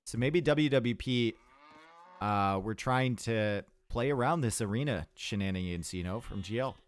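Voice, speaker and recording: A man's voice: on the low side, a little slow, clean tone. A man with a Canadian accent giving upbeat, chatty live commentary on a strategy game match and answering his chat. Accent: Canadian English. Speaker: game caster.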